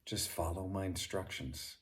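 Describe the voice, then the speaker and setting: A man voicing a sweet, gentle fairy maiden of the forest in a storybook tale, speaking in a sweet and tender way. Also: low-pitched, fairly even intonation, unhurried. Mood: calm instructing.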